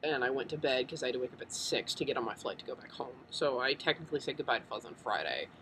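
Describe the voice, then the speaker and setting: A man's voice: mid-range voice, animated, quick pace, noisy background. A young American man chatting casually in a vlog, rambling and full of ums. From United States. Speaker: vlogger.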